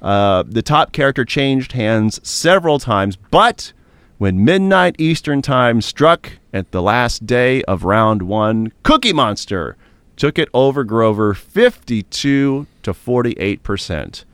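A man hosting a casual podcast, chatty and animated as he recaps results. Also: mid-range voice, takes it slowly, clean tone, no room sound. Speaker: podcast host.

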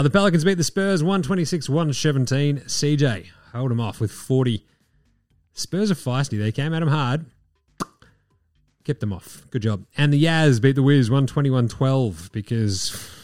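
A man's voice: mid-range voice, a little mellow, no room sound, clean studio sound. An Australian man hosting a podcast, talking in a laid-back, jokey way with plenty of swearing. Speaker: podcast host. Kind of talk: casual chat.

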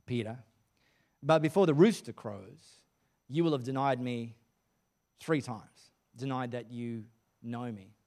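A man as a slow, gentle male teacher. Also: medium pitch, voice pushed down, natural voice. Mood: earnest. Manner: slow, measured, earnest. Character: calm, gentle male teacher speaking to a follower.

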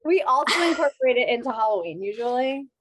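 Woman, 30s, slightly high voice, chatty guest storyteller who laughs a lot. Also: expressive, fast talker, slightly rough, dry recording. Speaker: podcast guest. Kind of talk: casual chat.

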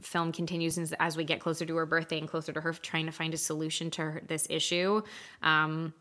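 Bright-voiced chatty Canadian-born woman. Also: deep voice, monotone, a little fast. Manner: chatty, swears freely, acts out quotes in silly voices. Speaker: podcast co-host. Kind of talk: casual chat.

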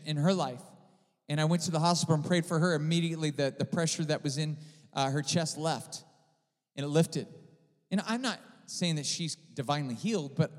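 A man preaching a sermon as pastor, telling a story with swings from loud to hushed. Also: fairly high pitch. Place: church sanctuary. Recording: church hall reverb.

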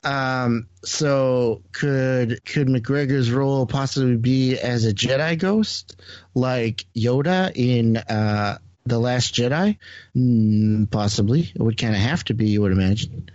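A man's voice: medium pitch, slow pace, darkish tone, dry recording. A man with a French-Canadian accent hosting a podcast, reading a news article aloud with stumbles and laughs. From Quebec. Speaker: podcast host. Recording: slightly muffled dry audio.

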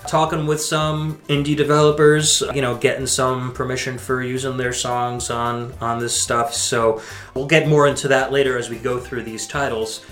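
A man's voice: medium pitch, little pitch movement, moderate pace, a bit bright. A man in his thirties co-hosting a casual chat about game music, upbeat and talking at length. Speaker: podcast co-host. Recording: roomy echo, faint music.

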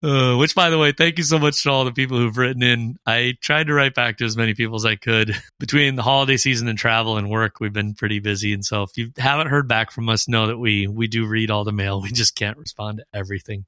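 Rambling Midwestern podcast host. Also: male voice, medium pitch, steady tone, quick pace, hardly any pauses, pushed and bright, clear, resonant tone, no room sound, studio quality. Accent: Midwestern American. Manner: rambling, thinks aloud with restarts. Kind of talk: casual chat.

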